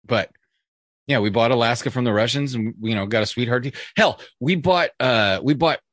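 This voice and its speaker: A man's voice: mid-range voice, normal speed, fairly bright tone, no echo, studio quality. A man hosting a podcast in casual chat, rambling and reading listener emails aloud. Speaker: podcast host.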